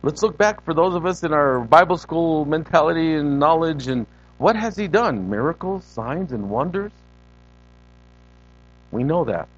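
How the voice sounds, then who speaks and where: A man preaching a sermon as a guest preacher in a church, animated and conversational, repeating words for emphasis and talking straight to the congregation. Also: fairly high pitch, a little slow, lo-fi sound.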